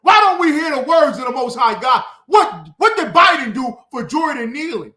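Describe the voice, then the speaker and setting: Man, fiery preacher, lively pitch swings, echoey recording. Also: normal speed. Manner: fiery, swings from shouting to low muttering. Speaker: street preacher.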